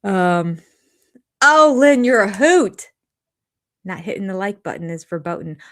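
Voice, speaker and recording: An older woman hosts a live chat from a room in her home, reviewing a reality show for her channel. Her mid-range voice is animated and a little slow, and she rambles and hops from topic to topic.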